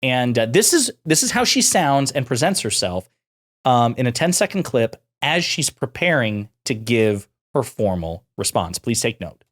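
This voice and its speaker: A man's voice: medium pitch, very animated, moderate pace, a bit bright. A man hosting a political commentary channel, talking casually and sarcastically with frequent fillers.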